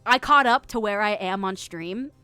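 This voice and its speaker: A woman's voice: mid-range voice, moderate pace, pushed and bright, clean tone, no room sound, faint music behind. A young woman streamer, chatting casually and reading out viewer messages, laughing often and trailing off with fillers.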